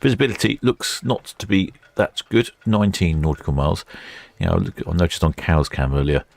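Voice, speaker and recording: A man's voice: sits low, fairly quick, vocal fry, a little mellow. A man hosting a live ship-watching stream, chatting casually and reading out viewer comments as ships depart port. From England. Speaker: livestream host narrating ship departures. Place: quayside port camera station.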